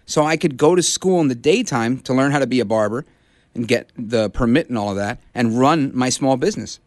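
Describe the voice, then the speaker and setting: A man's voice: mid-range voice, brisk, no echo, clean studio sound. A middle-aged man from Brooklyn hosting a conservative talk radio show, delivering an impassioned, rallying monologue. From Brooklyn, New York. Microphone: studio broadcast mic.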